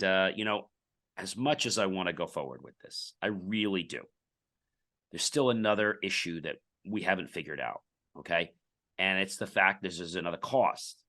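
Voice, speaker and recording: A man's voice: low voice, pushed and bright. A middle-aged man, a podcast guest, telling a business story in casual interview talk and acting out the dialogue.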